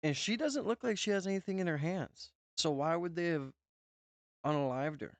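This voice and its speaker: A man's voice: a little high, moderate pace, a little hiss or hum. A man with a North Dakota accent, a streamer giving loose, profane reaction commentary full of "bro" and "man".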